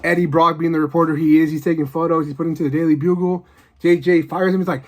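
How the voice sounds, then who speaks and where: Rambling man pitching fan movie ideas. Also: quick pace. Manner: rambling, excited, lots of fillers. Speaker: video host.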